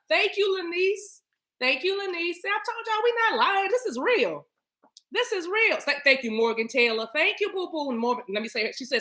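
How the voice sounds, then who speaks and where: A woman doing a spiritual reading on a live stream, talking to her viewers in a lively, playful way and breaking into tongues and snatches of song. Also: on the high side, a little fast, reverberant. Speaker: spiritual reader.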